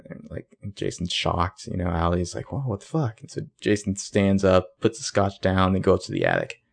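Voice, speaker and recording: A man with a fairly low voice talks casually about a show, quick and sarcastic. He slips into the characters' lines as he goes. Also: gravelly. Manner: chatty, sarcastic, acts out quoted lines. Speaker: podcast co-host recapping a TV episode. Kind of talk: casual chat.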